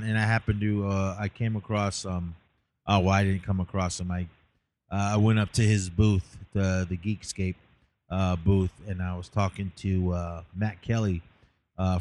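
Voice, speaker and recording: A man with a lowish voice rambles through a casual recap of his day. He sounds tired and leans on fillers as he goes. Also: darkish tone. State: tired, yawning. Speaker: podcast host.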